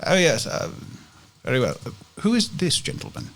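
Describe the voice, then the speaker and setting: A man's voice: on the high side, wildly swooping pitch, moderate pace, a bit bright, a little hiss or hum, voice pushed up, exaggerated voice. A man doing a flustered, stammering tailor. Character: flustered bespectacled male tailor.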